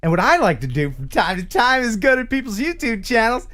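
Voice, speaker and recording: A man's voice: very high voice, sing-song, brisk, a bit bright. A man from the central United States hosting a casual live-stream chat, joking around and laughing often. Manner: jokey, laughs often, ad-libs silly voices.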